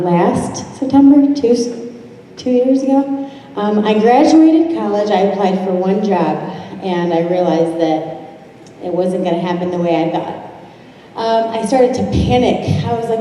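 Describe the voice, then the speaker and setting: A woman's voice: medium pitch, mellow, slight background noise. A woman in her twenties giving a chatty testimony to a crowd, often acting out what others said. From Toledo, Ohio area. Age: 20s. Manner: chatty, quick asides, acts out quoted voices. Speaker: guest speaker telling her story. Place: large event room. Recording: echoey hall heard from far off.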